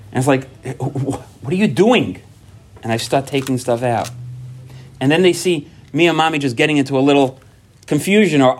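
A man who is a parent gives a personal talk at a recovery workshop. He tells stories with lively energy, acts out quoted dialogue, and often repeats himself and restarts sentences. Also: mid-range voice, a little hiss or hum. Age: adult parent. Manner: animated storytelling, acting out quoted dialogue; frequent repetitions and restarts.

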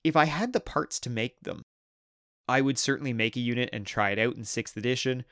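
A man's voice: medium pitch, fairly quick, a bit bright, no room sound, clean studio sound. A man hosting a hobby history video, narrating in an enthusiastic, conversational way. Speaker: host.

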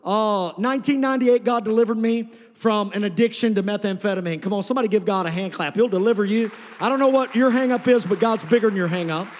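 High-voiced preacher in an echoing hall. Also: male voice, quick pace, few pauses. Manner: conversational preaching with calls to the congregation. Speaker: pastor. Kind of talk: sermon. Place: church sanctuary. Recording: long hall reverb.

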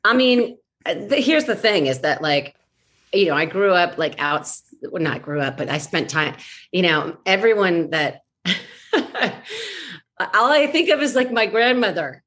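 A woman's voice: fairly low pitch, lively intonation, a little slow, fairly bright tone. A woman voice actress chatting in an interview, playful and self-mocking, often restarting her sentences. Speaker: voice actress guest. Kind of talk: casual interview chat.

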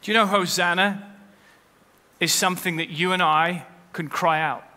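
A man's voice: high-pitched, fairly even intonation, moderate pace, pushed and bright. A man preaching a sermon as pastor, with rising emphasis as he quotes scripture. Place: church. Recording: long hall reverb.

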